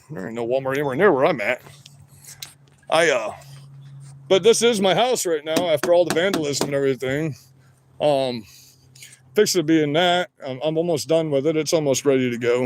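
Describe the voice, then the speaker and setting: A man livestreaming from his work shed on a phone, talking loud, rambling and profane, wired on energy drinks, so that he always sounds like he is yelling. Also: fairly high pitch, fairly quick, long pauses, a little hiss or hum. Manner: loud, rambling and profane, with many "you know"s. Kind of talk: livestream rant.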